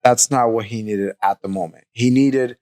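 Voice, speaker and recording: Male co-host, casual fight analysis, calm candid delivery, mid register. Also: medium pitch. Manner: measured, candid, hesitant with fillers. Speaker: podcast co-host. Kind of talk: casual fight recap chat.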